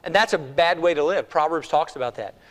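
A man preaching a sermon in a church, swinging between hushed, slow appeals and loud, pleading cries. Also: fairly high pitch. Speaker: pastor.

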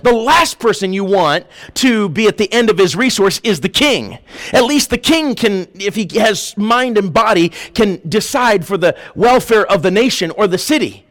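A man preaching a fiery sermon in church, swinging from loud shouted lines down to hushed ones. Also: sits high, lively intonation, normal speed. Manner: preaching with rising shouts and sudden drops to a hush. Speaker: pastor.

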